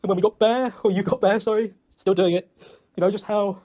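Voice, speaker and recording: A man's voice: sits high, fairly even intonation, fairly quick, darkish tone, lo-fi sound. A young British man in a recorded personal voice message, rambling and reproaching himself, emotional and choked up, swearing often. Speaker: ex-boyfriend leaving an apology message.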